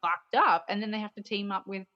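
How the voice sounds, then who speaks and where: A woman's voice: mid-range voice, a little fast. A woman guest on a film podcast, talking enthusiastically and casually, often trailing off with "you know". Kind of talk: casual chat. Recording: slightly dull lo-fi audio.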